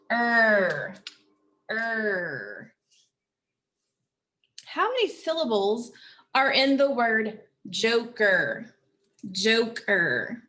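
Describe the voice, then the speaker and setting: A woman teaching a phonics lesson, slowly and patiently sounding out words and syllables for children. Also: on the high side, fairly bright tone.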